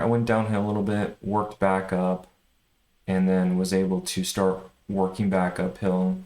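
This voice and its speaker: A man recapping his day of stock trading in a casual, animated way, swinging between excitement and frustration. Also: low-pitched, echoey room. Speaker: day trader vlogger.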